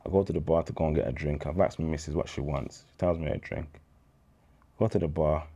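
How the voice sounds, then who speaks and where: A man in his thirties with a very low, deep voice. He tells his faith story as an interview guest, in street slang, and acts out the dialogue. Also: steady tone, quick pace, warm tone, husky. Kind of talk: candid faith testimony.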